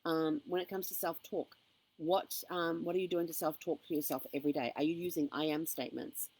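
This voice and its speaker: A woman's voice: low voice, steady tone, a little fast, a little mellow, slightly rough, rough recording. A woman giving an upbeat, encouraging motivational vlog to camera, with frequent ums. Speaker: motivational vlogger. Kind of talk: casual motivational talk to camera.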